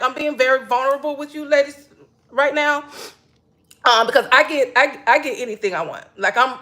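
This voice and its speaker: In a sharp, high-pitched voice, a woman who makes spiritual wellness content chats casually with her viewers about her own experiences. She laughs often and keeps saying "literally."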